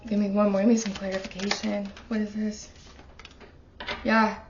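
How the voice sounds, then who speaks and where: A woman's voice: mid-range voice, level tone, normal speed, lo-fi sound, noisy background. A woman giving a casual tarot reading at home, talking straight to the viewer in an earnest, emotional way. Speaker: tarot reader. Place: her apartment.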